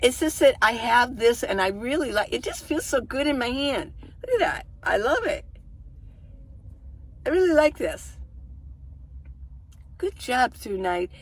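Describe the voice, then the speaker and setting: A woman's voice: a little high, animated, unhurried. A middle-aged woman vlogger chatting casually and rambling as she shows the inside of her minivan, with a camera held in her hand. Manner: chatty, rambling, laughs often.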